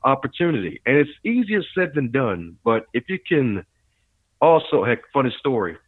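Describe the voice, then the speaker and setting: A man being interviewed as a guest, telling animated stories in casual talk and acting out what people said. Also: medium pitch, normal speed, no echo. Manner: animated storyteller who acts out quotes and laughs loudly. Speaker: podcast guest, author and speaker. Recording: tinny phone-like remote line.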